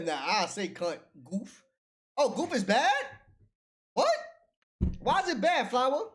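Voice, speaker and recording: A man's voice: high-pitched, big pitch swings, takes it slowly. A man hosting a casual livestream, talking in slang, reading chat aloud and laughing often.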